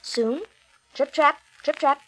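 A woman's voice: sits high, takes it slowly, poor audio. Woman reading a fairy tale aloud. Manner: expressive, clear storybook delivery. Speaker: storyteller.

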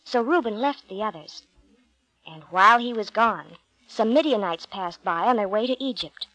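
A woman narrating Bible stories from a storybook in a gentle, clear way. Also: mid-range voice, expressive, moderate pace, low-quality recording.

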